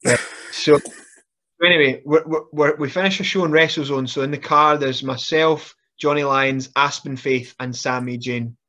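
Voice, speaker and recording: A man's voice: medium pitch, normal speed, muffled recording. A man who is a guest on a podcast, telling funny stories casually and laughing as he talks. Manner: animated, laughs through stories, frequent restarts. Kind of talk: casual storytelling.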